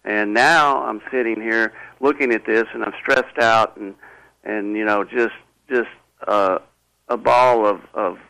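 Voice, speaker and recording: A man being interviewed, telling a personal story in a halting, earnest way with many restarts. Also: lowish voice, creaky, bright, forceful tone, no echo, rough recording. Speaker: interview guest.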